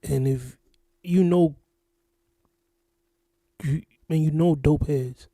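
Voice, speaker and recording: A man from Florida talks through a reaction video in loose, repetitive casual commentary. His voice sits a bit high yet sounds very dark and mellow. The sound is close and dry. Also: slow, no room sound. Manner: rambling, repetitive, exasperated. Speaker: reaction channel host.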